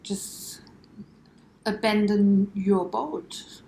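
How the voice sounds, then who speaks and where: Woman guest, kinda gravelly voice, thoughtful explaining, echoey room. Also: medium pitch, animated, drawn-out words, dark tone, a little hiss or hum. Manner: reflective, explains with imagery. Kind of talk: conversational interview.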